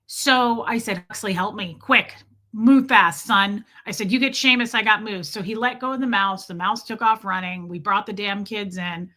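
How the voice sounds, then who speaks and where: A woman's voice: mid-range voice, steady tone, normal speed, hardly any pauses, pushed and bright. A woman hosting a casual livestream from her rural home, chatting with viewers, thanking them by name and swearing freely. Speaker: livestream host.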